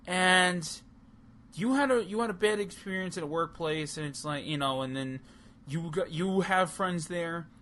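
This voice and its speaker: A man co-hosting a casual chat show, ranting heatedly with plenty of swearing and restarts. His voice sits a little high. Faint noise hangs behind him. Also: normal speed, sharp tone. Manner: heated, profane, rambling with restarts. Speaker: podcast co-host.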